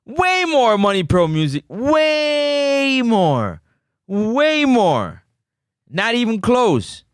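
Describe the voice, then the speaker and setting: A man's voice: very high voice, very slow, clear, resonant tone, no room sound, studio quality. A man hosting a casual sports talk livestream, bantering with his chat. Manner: animated, banters with live chat. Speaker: sports talk show host.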